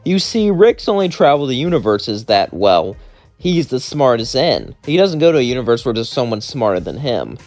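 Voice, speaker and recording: Male narrator, loose improvised fan story, animated, light music bed. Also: mid-range voice, moderate pace, no room sound. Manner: rambling, self-correcting.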